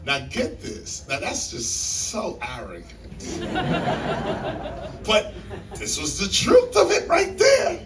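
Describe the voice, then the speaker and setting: A man telling a story to a live audience in a library hall, animated and emphatic like a preacher, repeating key lines and jumping in pitch. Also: slow, pauses often, recorded from a distance, noisy background. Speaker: guest speaker on stage.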